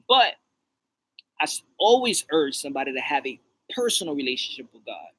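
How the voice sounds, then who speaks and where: A man's voice: fairly high pitch, a bit bright, husky, dry recording, low-quality recording. A man co-hosting a podcast, talking in a rambling, preachy, repetitive way. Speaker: podcast co-host. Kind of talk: casual chat.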